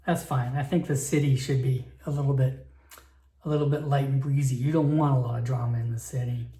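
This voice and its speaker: A man's voice: mid-range voice, steady tone, brisk, dark tone, echoey room. Chatty man narrating a solo tabletop game. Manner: rambling, chatty, many fillers.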